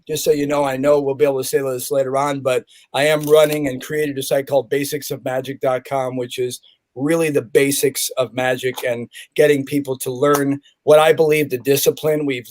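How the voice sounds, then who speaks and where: A man's voice: a little high, a little mellow, dry recording. A middle-aged man from California, chatting casually as a podcast guest and telling jokey, rambling stories. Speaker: guest magician and stuntman. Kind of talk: casual interview chat. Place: home in California.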